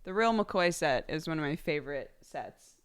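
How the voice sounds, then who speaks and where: A woman's voice: low-pitched, lively intonation, moderate pace, smooth. A young woman livestreamer chatting casually with her viewers. She is bubbly and giggly, and she thanks subscribers by name. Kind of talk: casual chat with live viewers.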